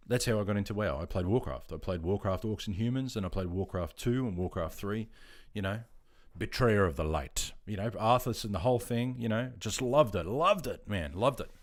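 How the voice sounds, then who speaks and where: An Australian man in his fifties, an army veteran and live streamer, talks a little fast with few pauses in a lowish voice. He chats casually, reading out viewer comments and laughing easily.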